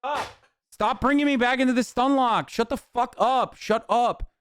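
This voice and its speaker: A man's voice: extremely high pitch, moderate pace, a bit bright, smooth. A young adult man streaming, ranting heatedly and profanely at his chat in casual reaction commentary.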